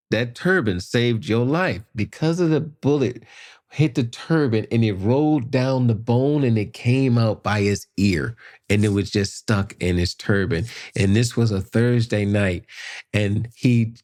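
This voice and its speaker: A man telling a personal story in casual conversation, animated, acting out voices and sound effects. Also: medium pitch. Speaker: podcast guest.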